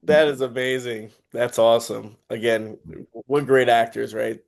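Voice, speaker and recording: Male interviewer, mid-pitched, eager and effusive with praise. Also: fairly even intonation, measured pace, vocal fry. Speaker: interview host. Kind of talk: casual interview.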